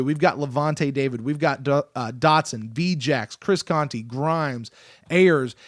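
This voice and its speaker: A man in his thirties hosting a casual sports podcast, excitable and animated, often restarting his sentences. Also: on the high side, no room sound, studio quality. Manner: excitable, animated, self-interrupting. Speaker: podcast host.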